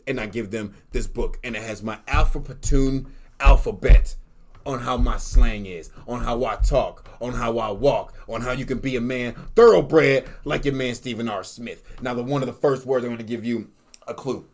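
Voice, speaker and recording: A man doing a gravelly braggart pundit. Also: mid-range voice, moderate pace, close to an everyday voice. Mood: boastful. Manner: brash, bragging, mangles made-up words. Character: boastful swaggering male sports talker who invents words. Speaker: show regular. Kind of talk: comedic podcast character bit.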